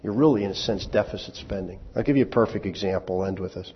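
Halting preacher in his sixties. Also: sits low, slight background noise. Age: 60s. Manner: halting, repeats words, folksy asides. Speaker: pastor. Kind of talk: sermon. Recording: dull sound with long hall reverb.

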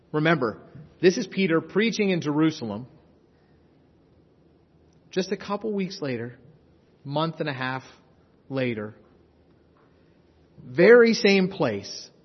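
Male pastor, impassioned sermon, husky voice, long hall reverb, dull lo-fi sound. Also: on the high side. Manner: impassioned, swings from loud urgency to hushed intensity.

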